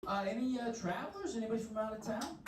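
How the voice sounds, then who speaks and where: A man's voice: extremely high pitch, expressive, fast talker, far from the mic. Brash male stand-up comic, echoey club. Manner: brash, riffing, chats with the audience. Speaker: stand-up comedian. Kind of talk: stand-up set with crowd work. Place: comedy club. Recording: echoey club from afar, crowd.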